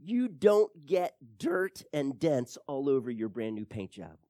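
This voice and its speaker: A man preaching a storytelling sermon in an animated way, swinging his pitch and loudness and tossing chatty asides to his listeners. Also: a little slow, no room sound, studio quality.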